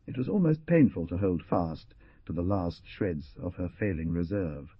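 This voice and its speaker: Husky low-voiced dramatic audiobook narrator man. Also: normal speed, dry recording. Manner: expressive, dramatic. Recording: dull lo-fi dry recording.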